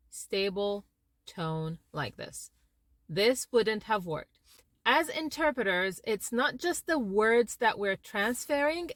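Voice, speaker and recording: A woman's voice: fairly high pitch, no echo. A woman who works as an interpreter gives an educational talk to camera, changing her tone to show her points. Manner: expressive, shifts tone to illustrate points. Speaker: interpreter and language teacher.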